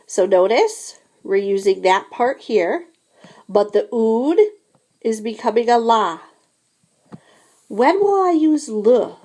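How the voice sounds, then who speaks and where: A woman teaching a beginner French lesson, slowly modeling each phrase for students to repeat. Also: a little high, expressive, mellow. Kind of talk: classroom language lesson.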